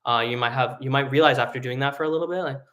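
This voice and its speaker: A man's voice: mid-range voice, racing, pushed and bright, slight background noise. A young adult man teaching a live online singing lesson, explaining casually with lots of fillers and sung vocal demonstrations.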